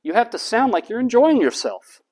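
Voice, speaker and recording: Slow, deliberate lecturer. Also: male voice. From United States. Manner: demonstrates voice types, drops to flat low monotone for examples; deliberate, repeats key terms slowly. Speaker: college lecturer.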